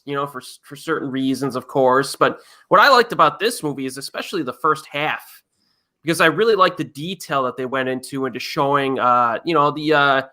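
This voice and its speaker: Guy on a movie podcast, bright voice, a bit high, runs through movie rundowns. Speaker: podcast guest. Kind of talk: casual movie chat.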